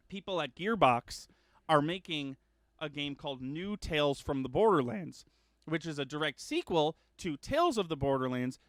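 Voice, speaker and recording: A man hosting a casual gaming news chat, rambling with lots of ums and uhs and correcting himself, getting excited about upcoming games. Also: a little high, no room sound, studio quality. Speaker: gaming news show host.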